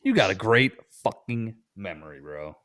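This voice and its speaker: A man co-hosts a casual podcast with a lively, swooping voice. He curses freely and laughs often as he jokes with friends. His delivery is loose and energetic. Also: fairly low pitch, normal speed, no echo, studio quality. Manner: loose, profane, laughing banter. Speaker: podcast co-host.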